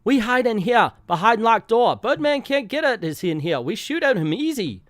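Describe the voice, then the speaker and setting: A man's voice: very high voice, big pitch swings, normal speed, a bit bright, no room sound, clean studio sound, pitched above the performer's own voice, heavily acted. A man voicing a male bandit, speaking in clipped, broken English with a boastful tone. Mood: cocky. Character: male gun-toting bandit hiding behind door.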